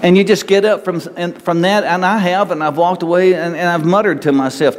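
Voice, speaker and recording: A man's voice: high-pitched, fairly even intonation, a little fast, few pauses. Man preaching in a reverberant hall. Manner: conversational, acts out self-centered voices. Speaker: pastor. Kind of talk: sermon. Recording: reverberant hall with faint room noise.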